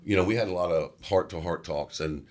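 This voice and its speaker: A middle-aged man from Louisiana, a guest actor telling a story in an interview, animated and loose with conversational fillers. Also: low-pitched, brisk.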